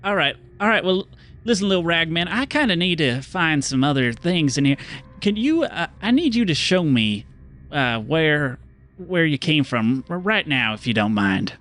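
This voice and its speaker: A man's voice: on the high side, very animated, moderate pace, fairly bright tone. A man voicing a folksy blond stranger who seems friendly but shady, drawling and hesitant. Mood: pushy.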